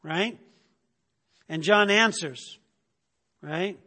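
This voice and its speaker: A man's voice: high-pitched, extremely slow, bright, forceful tone, big-room sound. A man teaching a sermon in a conversational way, often stopping to ask "right?" and repeating words as he goes. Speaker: preacher.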